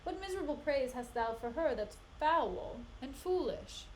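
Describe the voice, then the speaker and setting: A woman's voice: high voice, animated, moderate pace, a little hiss or hum, low-quality recording. A woman reading aloud the lines of an indignant young noblewoman in reproachful verse.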